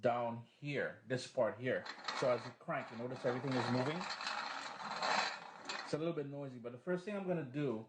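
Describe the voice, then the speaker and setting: A man hosting a relaxed, chatty cooking demonstration at home, explaining each step. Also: mid-range voice, a little fast. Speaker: cooking show host. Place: home kitchen, then living room. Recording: echoey room, faint background noise.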